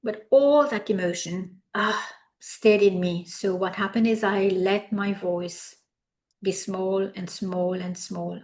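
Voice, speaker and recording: A middle-aged woman, a wellness coach, telling her personal story in a reflective, confessional way, often pausing on "like". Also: on the low side. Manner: reflective and confessional, frequent "like" fillers.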